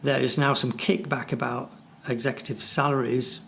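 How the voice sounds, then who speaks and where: Gravelly conversational man. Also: mid-range voice, little pitch movement, moderate pace, fairly bright tone, slight background noise. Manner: conversational, with hesitant fillers and affirmations. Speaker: podcast host, maths and business teacher. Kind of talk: casual podcast discussion.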